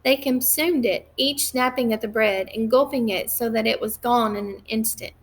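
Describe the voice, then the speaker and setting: A woman reading a novel aloud at a measured pace, with occasional slips and restarts. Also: fairly high pitch. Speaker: reader.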